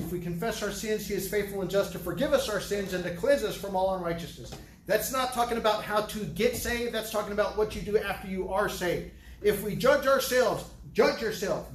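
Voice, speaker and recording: High-voiced man preaching in a roomy hall. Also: a little fast, a little hiss or hum. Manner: earnest, emphatic preaching with repeated restarts. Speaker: pastor. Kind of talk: sermon.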